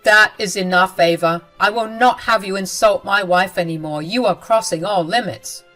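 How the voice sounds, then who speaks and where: A woman playing an indignant young husband, firm and protective, in a storybook reading. The voice stays mid-pitched, with faint music underneath. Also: moderate pace, a bit bright, close to an everyday voice.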